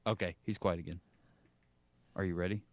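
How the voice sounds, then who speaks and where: A man's voice: fairly even intonation, a little fast, no echo. A man co-hosting a casual podcast chat on a video call, playful and goofy. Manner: playful, goofy, jumps into squeaky voices. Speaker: podcast co-host.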